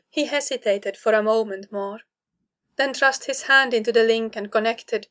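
A woman narrating a story aloud in a steady, expressive way. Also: fairly high pitch, normal speed. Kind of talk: reading fiction aloud.

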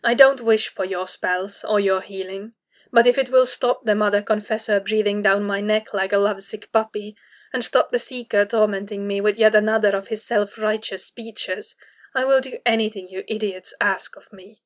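A woman's voice: mid-range voice, fairly even intonation, normal speed, close to an everyday voice. A woman voicing a proud, prickly young female warrior who talks in a clipped, exasperated way, as in an audiobook reading. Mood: furious. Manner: clipped, exasperated, through clenched teeth. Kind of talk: audiobook reading of fan fiction.

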